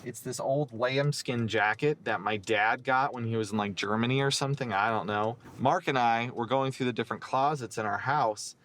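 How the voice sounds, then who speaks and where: A man's voice: mid-range voice, normal speed, few pauses, fairly bright tone, a little hiss or hum. A young man speaking in a mockumentary-style interview, rambling and playful in a boyish way.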